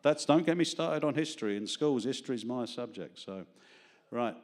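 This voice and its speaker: A man performs at an open mic in a small studio, reading verse aloud to a live audience. Between poems he turns chatty and self-deprecating, joking with the people in the room. His voice sits at an ordinary middle pitch. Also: animated, normal speed, darkish tone.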